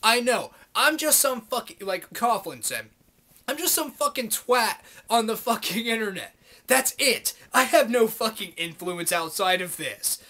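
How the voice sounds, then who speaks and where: A man's voice: high voice, animated, measured pace, pushed and bright. A young man delivering a sarcastic, profane ranting monologue to his camera, mocking people in put-on voices. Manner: sarcastic, swears constantly, mocks others in put-on voices. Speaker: video blogger.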